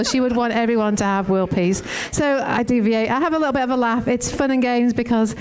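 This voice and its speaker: A woman's voice: on the high side, fast, few pauses, a little hiss or hum. Chatty, rambling woman co-pastor. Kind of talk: casual chat from the platform. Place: church platform.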